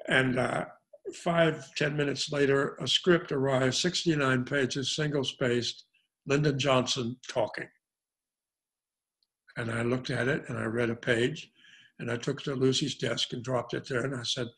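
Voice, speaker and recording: A man's voice: mid-range voice, measured pace, pauses often. An older man from Arkansas, a guest actor in an interview, telling long anecdotes and acting out the lines of the people in them. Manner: animated storyteller, acts out quoted dialogue.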